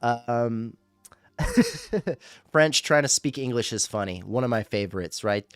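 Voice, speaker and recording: A man's voice: mid-range voice, wildly swooping pitch, slow pace, a bit bright, clean tone, dry recording. Rambling young man hosting a livestream. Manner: rambling, loose and chatty, with frequent fillers. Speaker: livestream radio host. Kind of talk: casual livestream chat.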